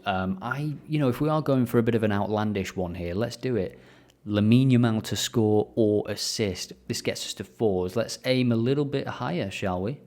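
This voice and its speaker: A man's voice: fairly low pitch, a little mellow. A young man casually talking through football betting picks, thinking aloud with fillers as he clicks through data. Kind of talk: casual screen-share analysis.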